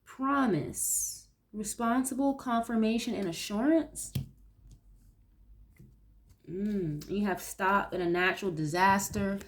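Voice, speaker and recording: A woman's voice: medium pitch, takes it slowly, slight background noise. A young woman doing a casual tarot reading, reacting aloud to each card with blunt, profane commentary. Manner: blunt, swears freely, reacts aloud to the cards. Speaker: tarot reader.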